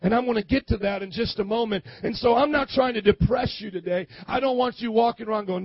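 A pastor preaching a sermon, impassioned and rising at times into shouts. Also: male voice, high-pitched, quick pace, vocal fry, hardly any pauses, husky, no room sound, lo-fi sound.

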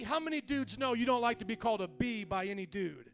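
A man in his late thirties, a pastor telling a story in a sermon, animated and casual, acting out quotes. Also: very high voice, fast talker, soft background music.

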